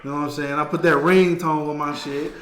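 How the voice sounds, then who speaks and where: A man's voice: fairly high pitch, fast, roomy sound. A man with a Chicago accent chatting casually on a livestream in slangy, profane talk. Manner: slangy, profane, lively interjections. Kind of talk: casual chat.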